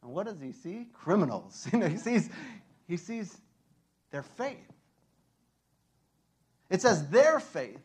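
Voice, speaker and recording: A man's voice: high voice, big pitch swings, slow pace, pauses often, a little mellow, slightly rough. A man preaching a sermon in a casual, conversational way, full of fillers, acting out scenes and laughing often. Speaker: pastor.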